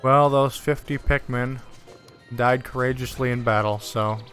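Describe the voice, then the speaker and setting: Bright, excitable male game streamer. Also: mid-range voice, measured pace, clear, resonant tone, soft background music. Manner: excitable, whoops and yells at wins; sarcastic, swears casually. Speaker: gaming livestreamer. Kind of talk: live gameplay commentary.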